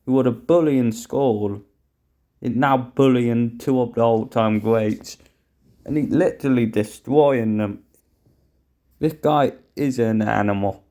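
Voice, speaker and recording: A man's voice: mid-range voice, mellow. A young man giving outraged play-by-play wrestling commentary, swearing and talking to viewers as guys.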